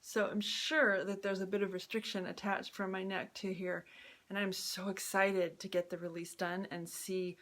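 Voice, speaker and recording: A woman chatting casually on a live video as she demonstrates her own exercises, upbeat and quick to laugh. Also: mid-range voice, little pitch movement, a bit bright. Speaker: vlogger sharing her own experience. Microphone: phone or camera close up.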